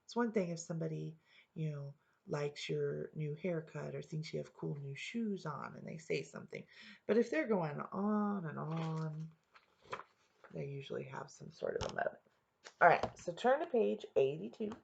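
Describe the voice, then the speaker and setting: A woman's voice: low voice, animated, moderate pace, creaky, slight background noise. A woman teacher leading a reading lesson for young students, patiently explaining step by step and checking in often. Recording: dull lo-fi home recording.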